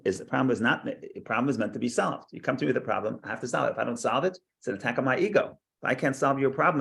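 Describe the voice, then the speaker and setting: A man's voice: mid-range voice, vocal fry, a bit bright. A man teaching a Torah class, lecturing with frequent restarts, repeated words and rhetorical questions.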